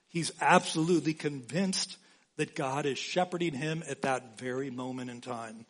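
A man preaching a sermon as pastor, slow and emphatic, repeating key phrases for weight. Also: a little high.

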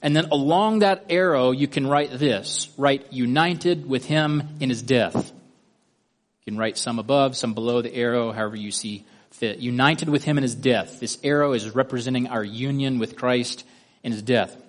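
A man's voice: medium pitch, moderate pace. Methodical male Bible teacher. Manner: methodical, guiding listeners step by step through a drawing. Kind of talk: Bible study lesson.

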